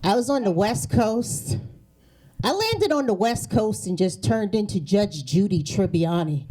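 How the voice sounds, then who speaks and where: A woman's voice: medium pitch, animated, measured pace, mellow. A woman comedian doing a brash, profane stand-up set from the East Coast. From New England. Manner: brash, profane, sarcastic punchlines. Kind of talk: stand-up set before a live audience. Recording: stage mic with audience laughter.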